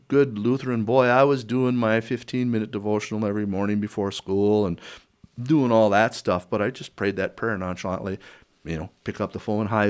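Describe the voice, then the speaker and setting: An older man, a podcast guest, telling a personal story in a conversational interview, acting out the dialogue with chuckles and restarts. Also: fairly low pitch.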